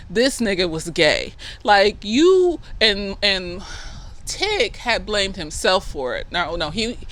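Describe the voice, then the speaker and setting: A woman, a therapist, giving a casual, slightly tipsy review of a TV episode, profane and lively, acting out the characters' lines. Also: lowish voice.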